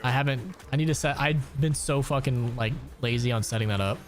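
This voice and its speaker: A man's voice: mid-range voice, brisk, soft background music. A young man streaming a game, chatting casually with a crude, joking manner, answering chat and laughing often.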